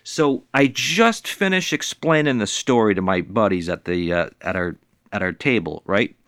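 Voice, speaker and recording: A man's voice: fairly low pitch, fairly bright tone, dry recording, clean studio sound. A man in his forties casually telling a personal story, rambling and swearing freely.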